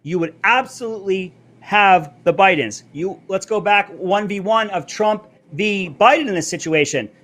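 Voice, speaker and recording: Brash high-voiced male live-stream host. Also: a bit bright. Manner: brash, fast-talking, plugging merch. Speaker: show host. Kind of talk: live political commentary stream. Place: Florida.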